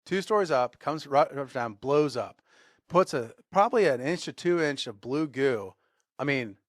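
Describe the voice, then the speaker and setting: A man co-hosting a podcast, telling a workplace story in a lively way and acting out the shouting. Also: medium pitch, moderate pace, no echo, studio quality. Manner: animated storyteller, acts out shouted quotes. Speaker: podcast co-host. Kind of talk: casual storytelling.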